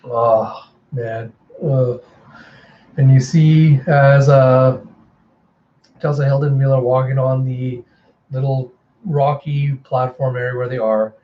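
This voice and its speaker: A man reading a comic book aloud and gushing about it in excitable asides. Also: medium pitch, takes it slowly, long pauses, highs cut off, a little hiss or hum. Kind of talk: casual comic readthrough.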